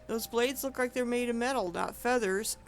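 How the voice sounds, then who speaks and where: A woman's voice: fairly high pitch, moderate pace, faint music behind. A woman streaming an online game, chatting casually and rambling with frequent self-corrections. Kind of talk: casual gameplay commentary.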